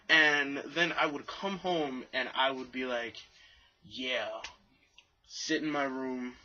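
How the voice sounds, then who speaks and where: A young man vlogging to camera in a rambling, self-deprecating way, mimicking other people in high voices. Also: pushed and bright, slightly rough, lo-fi sound. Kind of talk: casual monologue to camera.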